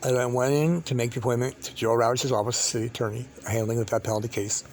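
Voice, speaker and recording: A man tells a long personal story in a rambling, halting way, circling back and repeating himself. His voice sits at an ordinary middle pitch. A faint hum of noise runs behind him. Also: fairly even intonation, a little mellow. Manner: halting, repetitive, many restarts and fillers.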